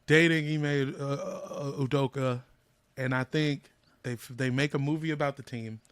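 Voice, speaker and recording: A comedian guest on a sports podcast, riffing and joking in playful rants. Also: male voice, medium pitch, fairly even intonation, moderate pace, clear, resonant tone, dry recording. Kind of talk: casual sports podcast chat.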